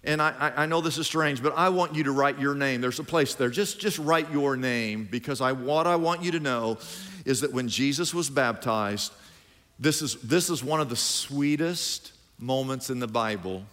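A man's voice: mid-range voice, moderate pace, a bit bright. A middle-aged man preaching a sermon as pastor, drawing lines out and leading the congregation in call-and-response. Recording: long hall reverb.

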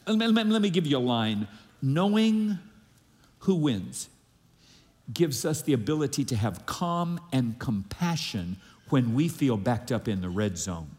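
Fairly high-pitched and a little mellow, a male pastor delivers an emphatic sermon built on call-and-response, having the congregation echo his lines. The church sanctuary gives a long, hall-like reverb.

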